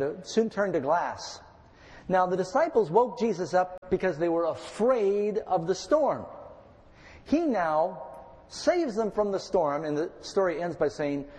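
A man preaching a measured sermon, reading scripture with feeling. His voice sits a little high for a man. It rings out in a hall with a long reverb tail. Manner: calm, measured Bible teaching with dramatic readings. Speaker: pastor.

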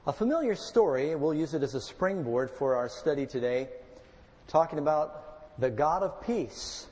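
A pastor preaching a sermon, reading scripture aloud and explaining it in a measured, expressive way. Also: male voice, a little high. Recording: long reverb, broadcast sermon.

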